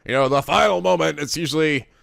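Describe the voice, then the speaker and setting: A man giving casual, excitable commentary over a video game, swearing and laughing often. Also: on the high side, fast talker, gravelly, dry recording, clean studio sound. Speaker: let's play host. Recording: game music underneath.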